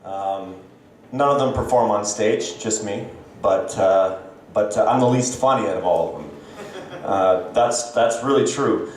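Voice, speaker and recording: A Canadian man in his thirties doing a stand-up set on stage, self-deprecating and halting, with many fillers. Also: lowish voice, very echoey, distant mic, slight background noise. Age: 30s. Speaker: stand-up comedian. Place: comedy club stage. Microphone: handheld stage mic.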